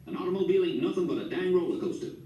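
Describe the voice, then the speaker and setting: A man voicing a gruff, stubborn old grandfather who talks in a folksy drawl. The voice is mellow and moves around in pitch. It is captured from a distance in a roomy space. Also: expressive, very fast. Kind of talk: audiobook character voice.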